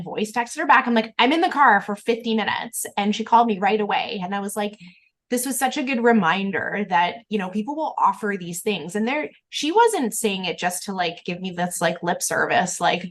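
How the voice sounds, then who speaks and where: A woman hosting a podcast in casual conversation, telling stories in a quick, chatty, animated way. Her voice sits at a middle pitch. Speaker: podcast host. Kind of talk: casual interview chat.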